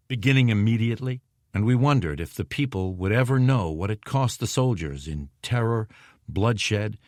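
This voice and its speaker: Low-voiced male audiobook narrator. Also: no echo, studio quality. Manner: steady, measured reading. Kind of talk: scripted narration.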